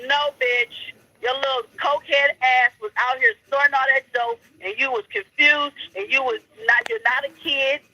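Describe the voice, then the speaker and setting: A woman's voice: high voice, normal speed, sharp tone, dry recording. Brash woman caller on a phone line. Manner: brash, preachy, trash-talking. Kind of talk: heated call-in commentary.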